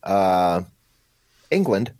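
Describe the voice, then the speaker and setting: A man co-hosting a casual podcast panel chat, telling a story in a lively way. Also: low voice, very slow. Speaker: podcast co-host.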